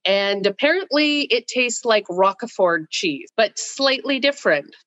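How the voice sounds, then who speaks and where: A woman's voice: a little high, expressive, measured pace, a bit bright, no echo. A woman co-hosting a podcast in casual chat, teasing and telling stories. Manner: teasing, storytelling. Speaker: podcast co-host.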